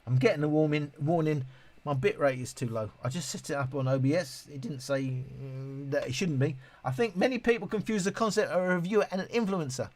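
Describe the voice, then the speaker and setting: A British man with a slightly high, darkish voice talks briskly on a casual live stream. He reads out what viewers send in, meanders with plenty of restarts, and makes self-deprecating jokes he laughs at.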